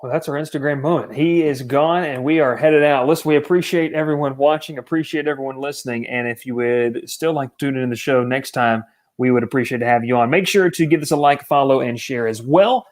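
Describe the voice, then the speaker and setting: Man, sports talk co-host, casual show, animated, exasperated. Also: mid-range voice, fairly quick.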